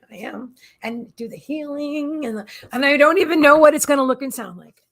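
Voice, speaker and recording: A woman hosting a psychic reading live stream in a casual chat. Her voice sits a little high and has a gravelly fry. She gushes and repeats her thanks and greetings, trailing into restarts and fillers. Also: expressive. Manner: halting restarts and many fillers.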